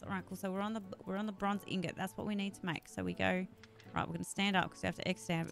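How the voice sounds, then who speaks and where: A woman's voice: medium pitch, fairly bright tone. A woman with a sore voice, chatting casually with her live-stream audience while gaming, swearing freely and grumbling.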